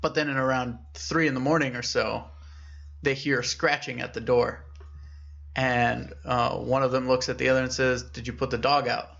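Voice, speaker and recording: A young man co-hosting a podcast, casually retelling a scary story and voicing its characters with lively shifts in pitch. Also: normal speed, vocal fry, muffled recording. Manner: animated storyteller, acts out characters with raised pitch. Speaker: podcast co-host.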